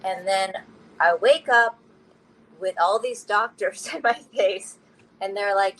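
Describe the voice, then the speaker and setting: Unhurried woman telling a candid personal story. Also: medium pitch, a bit bright, rough recording. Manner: candid, laughs through hard memories. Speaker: interview guest.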